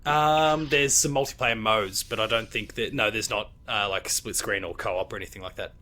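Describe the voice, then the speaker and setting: Australian male host, bright forceful voice, meandering casual chat full of ums. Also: fairly low pitch, moderate pace. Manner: rambling, hesitant with many fillers. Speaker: podcast host.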